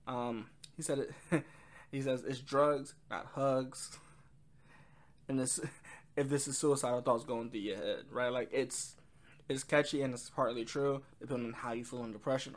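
A man casually reviewing an album, rambling with frequent ums and quoting lyrics. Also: mid-range voice. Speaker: music reviewer.

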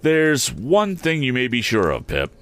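A kindly, simple village blacksmith coaxes and reassures in slow, homely country speech, as a man reading a storybook puts him on. His voice rises and dips in wide, lively turns. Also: medium pitch, clean tone, voice pushed up. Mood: earnest. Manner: rustic dialect, slow and homely.

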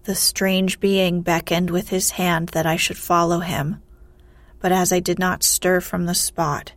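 A woman narrating a fairy tale in a soft, hushed, half-whispered voice. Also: lowish voice, flat delivery, unhurried, no echo. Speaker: storyteller.

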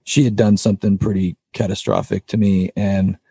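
A man's voice: fairly low pitch, little pitch movement, normal speed, dark tone, slightly rough, no room sound. A man, a podcast guest, candidly telling a personal story in an earnest, rambling way, with frequent restarts. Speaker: podcast guest, band vocalist.

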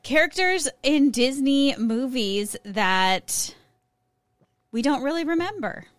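A woman's voice: high voice, expressive, slow pace, no room sound. A woman co-hosting a podcast, reading a prepared segment in a casual way, with small slips and self-corrections. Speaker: podcast co-host presenting a segment.

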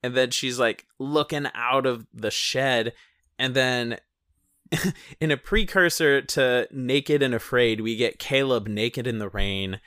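A man's voice: mid-range voice, slow, fairly bright tone, no echo, clean studio sound. A man co-hosting a casual film discussion, swearing often, laughing, and acting out quoted lines. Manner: profane, laughing, acts out quoted voices. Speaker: podcast co-host.

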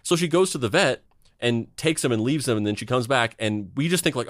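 A man's voice: medium pitch, expressive, a little fast, dry recording, studio quality. A man in his thirties hosting a podcast in casual chat, rambling along with many restarts and repeated words. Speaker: podcast host.

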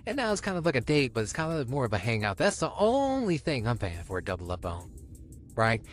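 A man's voice: mid-range voice, wildly swooping pitch, a little fast, faint music behind. A young man co-hosting a podcast, talking candidly and rambling in casual chat. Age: young adult. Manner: candid, rambling, restarts often. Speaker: podcast co-host.

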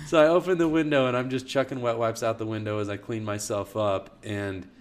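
A man's voice: medium pitch, steady tone, brisk. A young man casually telling a long, funny personal story on a podcast. He laughs often and restarts his sentences a lot. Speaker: storyteller guest.

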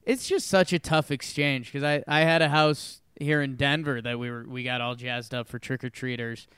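A man co-hosting a casual chat show, animated and acting out quoted voices as he tells stories. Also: medium pitch, moderate pace, clean tone, dry recording, studio quality. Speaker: co-host.

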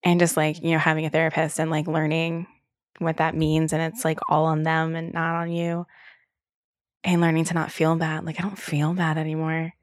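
A young woman hosts a solo podcast, talking loosely and candidly, packed with "like" fillers and an occasional swear word. Her voice sits low with a completely flat delivery at a moderate pace, in clean studio quality with no room sound.

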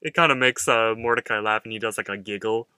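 A young man in his twenties talks casually on a podcast, recapping a cartoon and acting out the characters' lines. His voice is bright and forceful, recorded close and dry. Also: fairly low pitch, fast, clear, resonant tone, no echo. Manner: animated, acts out characters' lines while recapping. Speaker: podcast co-host.

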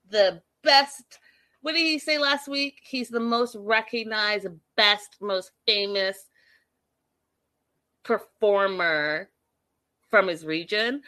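A sassy woman vlogger recapping a show in a casual, animated way, talking straight to her viewers. Her voice is bright and forward, and she takes her time with her words. The recording is close and dry. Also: medium pitch, dry recording. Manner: animated, sassy, addresses viewers as y'all, acts out quotes.

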